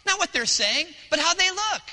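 High, bright-voiced preacher in a reverberant hall. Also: male voice, normal speed. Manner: animated storyteller swinging from hushed to loud. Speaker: pastor. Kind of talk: sermon. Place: church service.

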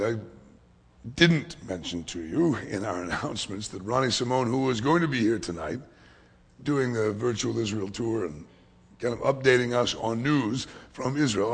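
Gravelly husky preacher in a reverberant hall. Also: male voice, mid-range voice, lively intonation, normal speed. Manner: dynamic preaching that swings from hushed whispers to loud emphatic lines. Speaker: pastor. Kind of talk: sermon.

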